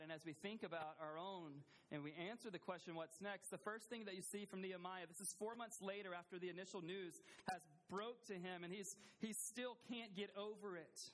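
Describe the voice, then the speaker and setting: A man's voice: high voice, fairly even intonation, moderate pace, slight background noise. Earnest man preaching a sermon. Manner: earnest, asks the congregation questions, repeats phrases for emphasis. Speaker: pastor.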